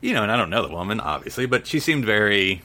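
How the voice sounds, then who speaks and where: A man's voice: on the low side, big pitch swings, quick pace, pushed and bright. A man co-hosting a podcast, chatting casually and rambling with lots of fillers. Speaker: podcast co-host. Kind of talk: casual chat.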